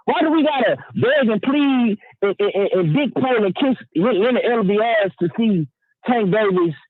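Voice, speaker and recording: A man's voice: high-pitched, expressive, moderate pace, no echo. A man calling in to a sports talk show, giving a heated, profane opinion rant. He stammers through restarts and keeps checking in with the listener. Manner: emphatic, profane, stammering restarts, keeps asking "you know what I'm saying". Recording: dry tinny phone line.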